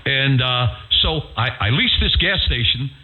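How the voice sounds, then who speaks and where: A man's voice: mid-range voice, animated, measured pace. An older man chatting casually over ham radio, a folksy storyteller who acts out the people in his tales. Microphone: radio transceiver microphone. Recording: over-the-air ham radio audio, narrow with faint hiss.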